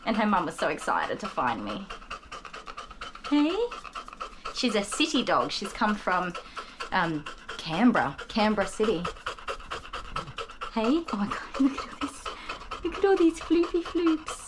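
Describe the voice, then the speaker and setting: Speaking in a mid-range voice, a little slowly and with long pauses, an Australian groomer grows very animated as she baby-talks the dogs during a relaxed live stream. The small grooming shed is noisy with clippers and dogs.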